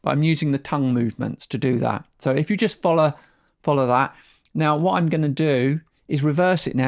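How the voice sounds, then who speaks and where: A man explaining didgeridoo rhythms in an easygoing, unscripted way, his voice sitting a little high for a man. He sounds out practice syllables and trails off into restarts as he talks. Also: brisk, vocal fry. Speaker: didgeridoo teacher. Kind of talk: casual instructional explanation.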